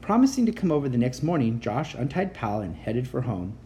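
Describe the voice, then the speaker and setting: A woman reading a children's chapter book aloud in an expressive, animated way. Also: a bass voice, brisk, a little hiss or hum. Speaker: reader.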